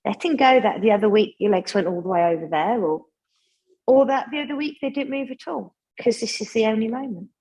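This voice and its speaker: Breathy woman guiding a gentle yoga class. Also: a little high, brisk, rough recording. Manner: gentle, chatty instruction with asides. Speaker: yoga instructor.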